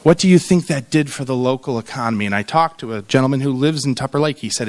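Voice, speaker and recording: A man in his thirties giving a humorous conference speech about tourism, telling lively stories with comic asides and acted-out quotes. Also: mid-range voice, fast, few pauses. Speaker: keynote speaker on tourism.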